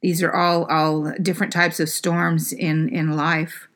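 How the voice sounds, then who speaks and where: A woman's voice: low voice, level tone, unhurried, a bit bright. A woman preaching a sermon in a conversational way, with frequent fillers and restarts.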